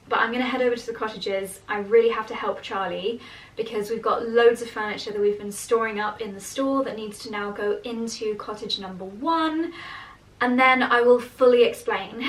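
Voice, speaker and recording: A woman's voice: medium pitch, fairly bright tone. A woman in her thirties chatting casually to camera in a vlog, gushing and enthusiastic about what she shows. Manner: gushing and chatty, coos at a dog. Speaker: vlogger. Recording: slightly distant mic with faint noise.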